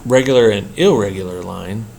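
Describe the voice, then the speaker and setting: Measured man explaining poetic meter. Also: on the low side, vocal fry, a little mellow. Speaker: poetry workshop instructor. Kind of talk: scripted lecture narration.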